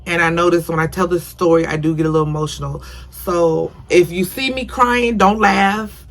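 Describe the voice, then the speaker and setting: A woman's voice: on the low side, fairly even intonation, moderate pace. A young woman casually telling a personal story on her vlog, rambling and repeating herself, earnest and emotional. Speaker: vlogger.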